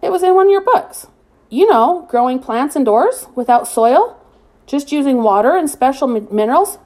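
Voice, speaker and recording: A woman's voice: high voice, lively intonation, normal speed, dark tone, voice pushed up. A woman voicing a shy, curious teenage boy who talks timidly and hesitantly. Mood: eager.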